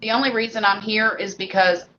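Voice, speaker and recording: Casting note: mid-pitched woman, blunt and emphatic, muffled audio. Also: fairly even intonation, a little fast, fairly bright tone. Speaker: co-host. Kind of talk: casual chat. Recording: dull audio with faint background noise.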